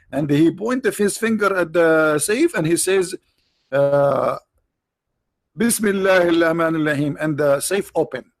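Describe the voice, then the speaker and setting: A man with non-native English phrasing hosting a livestream, mocking his subject with rhetorical questions, his voice tired and his throat often cleared. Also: a little high, no room sound. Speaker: livestream host. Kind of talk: mocking debate commentary.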